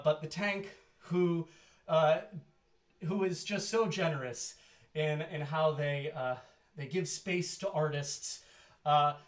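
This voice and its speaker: A man hosting a live variety show casually, rambling with many fillers and poking fun at himself. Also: fairly high pitch. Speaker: host.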